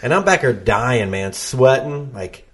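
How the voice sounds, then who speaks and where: A man's voice: medium pitch, lively intonation, measured pace. A man chatting as a podcast guest, joking at his own expense and laughing often. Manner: self-deprecating, storytelling, laughs often. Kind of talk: casual chat.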